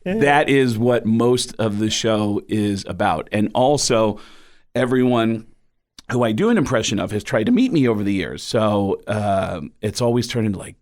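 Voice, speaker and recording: A man's voice: fairly low pitch, normal speed. A man, a stand-up comedian from the Bronx without a Bronx accent, telling stories in a casual interview. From the Bronx, New York. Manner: animated storyteller, slips into impressions.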